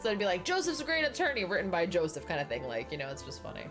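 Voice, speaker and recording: A young woman with a lowish voice chats casually while she plays, telling long stories and jumping into other people's voices. Faint music runs quietly behind her. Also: lively intonation, very fast. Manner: chatty storyteller, acts out quoted people with big pitch jumps. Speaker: streamer chatting while playing. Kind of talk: casual chat on a game stream.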